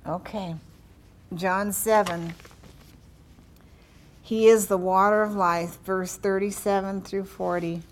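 A woman preacher delivers her sermon at an unhurried pace, with her voice in a middle register. She prays fervently and reads scripture with strong emphasis on key words. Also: medium pitch, steady tone. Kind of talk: sermon with prayer and scripture reading.

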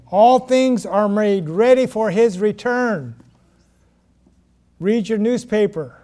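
A man preaching a sermon, reading scripture and stressing key words with pauses. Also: high voice, mellow. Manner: slow, emphatic preaching with pauses and self-corrections.

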